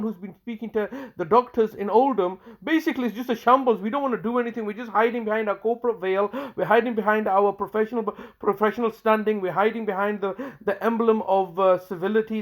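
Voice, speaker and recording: A man with a notably high voice pours out a heated, repetitive grievance. He stops and restarts often, filling the gaps with hesitations. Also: a bit bright. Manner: angry, repetitive, ranting; halting, with many fillers and restarts. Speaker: complainant recording a personal statement. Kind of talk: impassioned monologue.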